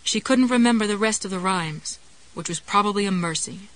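A woman narrating a novel in a measured, wry storytelling manner. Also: medium pitch, fairly bright tone, poor audio. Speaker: audiobook narrator. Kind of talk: scripted narration.

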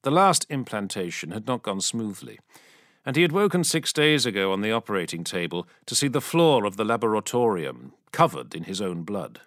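A man reading a story aloud as an audiobook narrator in a dramatic, expressive manner. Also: on the low side, normal speed, no room sound, studio quality.

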